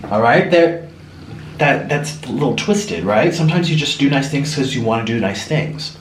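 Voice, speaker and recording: A man's voice: mid-range voice, big pitch swings, measured pace, long pauses, a little hiss or hum. A young man vlogging in a casual, rambling monologue, often mimicking other people in a raised voice. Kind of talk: casual monologue while eating. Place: home room. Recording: echoey room.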